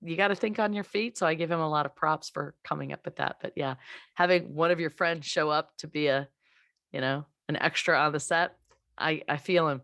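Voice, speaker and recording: A woman's voice: low-pitched, a little fast, fairly bright tone, no room sound, clean studio sound. A woman hosting a podcast, telling an anecdote in chatty, casual conversation. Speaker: podcast host.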